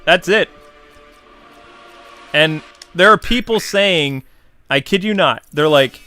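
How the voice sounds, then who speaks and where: A man talking through a film review in a casual, slangy way. His voice sits a bit high and sounds bright and forceful, and he often turns animated and exasperated. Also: measured pace, long pauses, no room sound, faint music behind.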